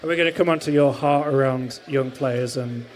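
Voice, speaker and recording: A man's voice: medium pitch, brisk, a little hiss or hum. A male podcast host asking friendly, conversational questions in a live stage interview.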